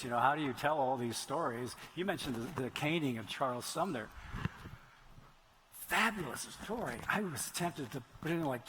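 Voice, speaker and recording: A man's voice: medium pitch, fairly bright tone, slight background noise, low-quality recording. A middle-aged man, an author on stage at a conference, telling a long anecdote and answering audience questions, wandering into digressions and restarting phrases. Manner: rambling storyteller, frequent restarts and digressions. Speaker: author speaking at a writers' conference. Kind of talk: anecdotal Q&A talk. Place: stage in a large venue.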